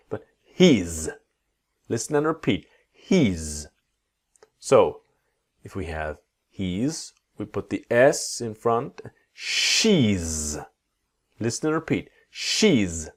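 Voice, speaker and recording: A man teaching English pronunciation, modeling each sound slowly and deliberately for learners to repeat. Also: on the low side, a little mellow. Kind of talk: pronunciation lesson.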